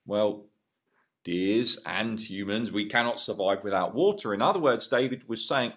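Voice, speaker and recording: A man preaching a sermon with an earnest delivery, rising to loud emphasis and dropping to hushed lines. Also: lowish voice, lively intonation, normal speed.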